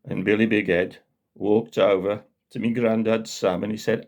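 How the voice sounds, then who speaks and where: An older man with a Black Country accent telling a local yarn in a chatty way, dropping to low asides. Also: level tone, normal speed. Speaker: storyteller. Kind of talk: casual spoken storytelling.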